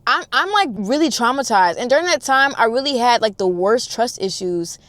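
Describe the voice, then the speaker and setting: A woman's voice: fairly high pitch, moderate pace, no echo. Dramatic chatty woman telling a story. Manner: dramatic, animated, chatty, addresses the audience as y'all. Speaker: storytime vlogger. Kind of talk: storytime vlog.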